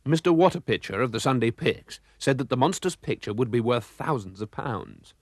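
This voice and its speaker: A man narrating a children's storybook with a lively, expressive reading. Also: medium pitch, normal speed, hardly any pauses, no room sound, studio quality.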